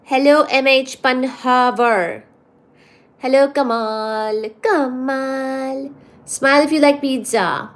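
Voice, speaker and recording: A woman hosting a livestream, slowly greeting viewers by name and reading their messages aloud. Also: high voice, fairly even intonation. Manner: slow, drawn-out greetings reading out viewer names. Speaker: livestream host.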